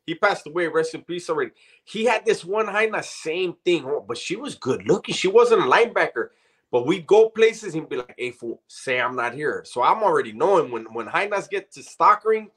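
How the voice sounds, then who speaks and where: A man's voice: sits high, animated, fairly quick, fairly bright tone. A middle-aged man co-hosting a casual chat, full of profane, teasing banter. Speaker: podcast co-host.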